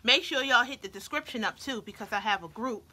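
A woman's voice: fairly high pitch, brisk, pushed and bright. Chatty woman vlogger eating on camera. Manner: chatty, playful, talks while chewing. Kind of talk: casual chat to viewers while eating.

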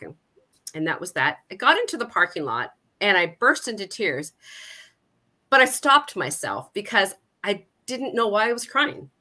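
A woman's voice: mid-range voice, sing-song, normal speed, bright, forceful tone. A middle-aged woman from Canada, a guest in an interview, telling a personal story candidly with frequent self-corrections. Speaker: guest, Alzheimer's support coordinator. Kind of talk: conversational interview.

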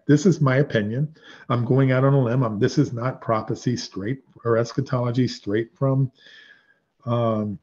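A man's voice: fairly low pitch, dark tone, husky, dull audio. A man giving a conversational, digressive Bible teaching in a video, sometimes correcting himself as he goes.

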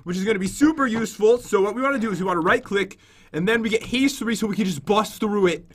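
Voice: medium pitch, fast, slightly rough. A host giving casual, jokey commentary while playing and showing off a game mod. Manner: jokey, animated, explains recipes.

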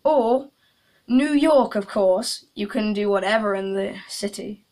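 A woman's voice: mid-range voice, a little slow, a little mellow. A young woman chatting casually in a vlog, making jokey asides to viewers. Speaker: YouTuber.

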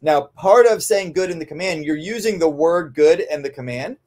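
Chatty male dog trainer, higher voice. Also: expressive, normal speed, a little mellow. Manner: conversational, frequent "um" and tag "right?". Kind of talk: podcast Q&A, answering listener questions.

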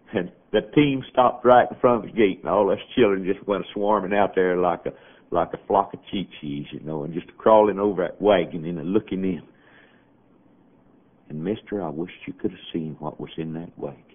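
A man spins a long folksy tale in a rambling Southern drawl, his voice deep and low. It comes through a thin, phone-like old radio recording. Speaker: storyteller. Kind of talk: folksy monologue storytelling. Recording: tinny, band-limited old radio archive.

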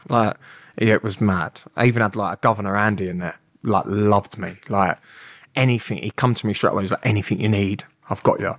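A man's voice: fairly low pitch, a little fast, no room sound, clean studio sound. A young man, a podcast guest telling blunt, sweary stories and acting out who said what. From London. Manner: animated, acts out quoted exchanges, blunt and sweary. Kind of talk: casual storytelling interview.

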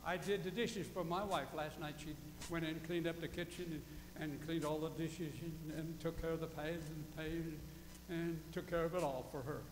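A man's voice: a little high, fairly even intonation, moderate pace, roomy sound, long reverb tail, a little hiss or hum, poor audio. A male pastor preaching a folksy sermon, quizzing his congregation and repeating key phrases for emphasis. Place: church sanctuary.

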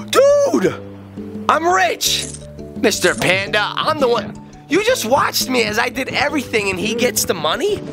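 A middle-aged man hosting a kids' game video, joking excitedly and playfully as he plays alongside his child. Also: extremely high pitch, normal speed, music in the background. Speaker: gaming channel host.

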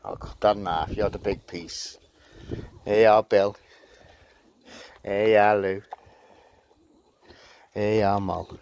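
Slow, gentle man outdoors. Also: lowish voice, steady tone. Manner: gentle, coaxing talk to animals. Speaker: vlogger feeding animals. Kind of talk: casual running commentary. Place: outdoors at night in a windy garden. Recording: noisy outdoor recording with wind.

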